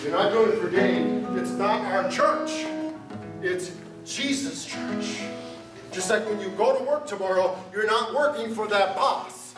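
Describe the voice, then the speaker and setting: A man's voice: sits high, measured pace. A man preaching a sermon to his congregation, conversational and joking with them. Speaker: pastor. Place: church sanctuary. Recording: roomy church sound from a distance. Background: guitar music.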